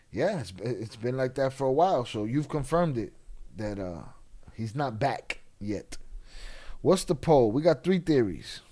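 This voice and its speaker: A man's voice: mid-range voice, dark tone. A man hosting a casual livestream, talking bluntly and skeptically with a lot of swearing. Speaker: livestream host.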